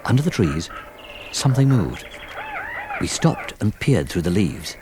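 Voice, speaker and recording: A man narrating a children's storybook recording in a lively, expressive telling. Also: fairly low pitch, unhurried, background noise. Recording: old storybook record with music.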